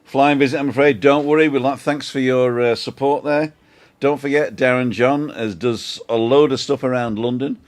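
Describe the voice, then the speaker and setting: A man's voice: medium pitch, steady tone, normal speed. A man hosting a casual live-stream chat, jokey and chatty, reading out viewer comments. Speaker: host.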